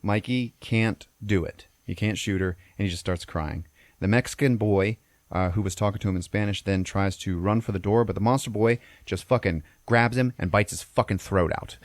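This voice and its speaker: Low-voiced man swearing through a movie recap. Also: normal speed, dry recording. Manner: profane, peppers lines with "okay?". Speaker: podcast host. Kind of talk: casual film recap.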